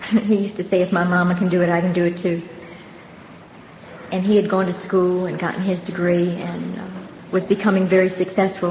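Older lady sharing her story at a meeting, earnest and slow, dull muffled recording with faint noise behind. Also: lowish voice, reverberant, big-room sound. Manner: earnest, unhurried storytelling with pauses and soft laughs. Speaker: recovery meeting speaker. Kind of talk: personal testimony at a meeting.

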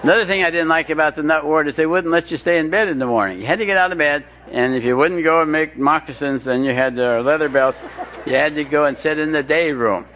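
A man's voice: on the high side, fast, a bit bright. A man telling his recovery story with wry, self-deprecating humor, often stumbling and restarting his sentences. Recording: dull lo-fi recording with faint hiss.

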